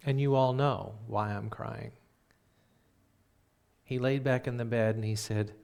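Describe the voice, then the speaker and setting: A man who is a minister, telling a personal story in a sermon and acting out the dialogue with lively voices. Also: mid-range voice, moderate pace, gravelly. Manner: turns quiet and reflective when preaching.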